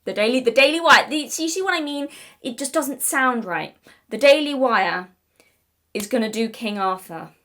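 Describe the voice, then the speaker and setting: A woman's voice: a little high, expressive, moderate pace, sharp tone. A young British woman giving casual commentary to camera, chatty and digressive, often apologizing, and emphatic and exasperated at times. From Britain. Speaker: video essayist.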